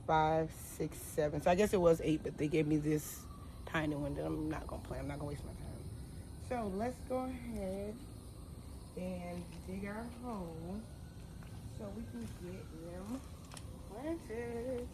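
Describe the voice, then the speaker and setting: A woman's voice: on the low side, measured pace, noisy background. A woman chatting casually to viewers in a gardening vlog, talking outdoors in a yard, a little out of breath. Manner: chatty, homey, talks to viewers as y'all. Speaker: home gardener vlogger.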